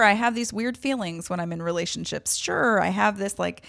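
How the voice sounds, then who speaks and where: A woman's voice: mid-range voice, normal speed, gravelly, fairly bright tone. A woman hosting a podcast, telling a personal story in a candid, emotional way with self-deprecating laughs. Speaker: podcast host.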